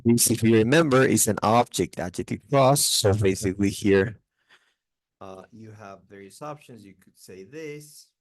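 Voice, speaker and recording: A man teaching English grammar online, explaining in a relaxed way with many fillers. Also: lowish voice, moderate pace, no echo, poor audio. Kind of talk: online test-prep tutoring.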